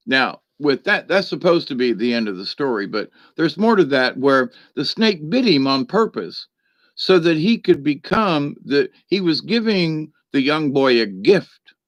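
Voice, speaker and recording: Slow rambling man giving a spiritual talk. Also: medium pitch, a bit bright, dry recording, studio quality. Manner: rambling, many fillers and restarts. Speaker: spiritual teacher. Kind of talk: casual spiritual talk with storytelling.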